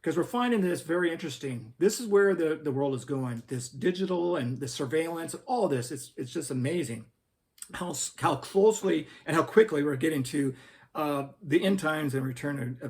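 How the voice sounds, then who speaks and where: A man hosting a Christian commentary video. He talks in an earnest, preacherly way and reads scripture aloud. His voice sits high and swings widely in pitch. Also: expressive, normal speed, a little mellow. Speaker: host.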